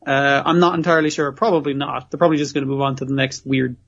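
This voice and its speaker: A man's voice: mid-range voice, level tone, fast talker, vocal fry, fairly bright tone, muffled recording. A man co-hosting a podcast, rambling through an episode recap with constant swearing and frequent laughs. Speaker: podcast co-host. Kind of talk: casual chat recapping an episode.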